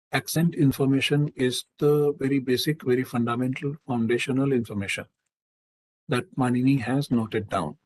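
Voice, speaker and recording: A man answering questions in a live online lecture, in a measured, explanatory way and using technical Sanskrit terms. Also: medium pitch, darkish tone, breathy edge, poor audio.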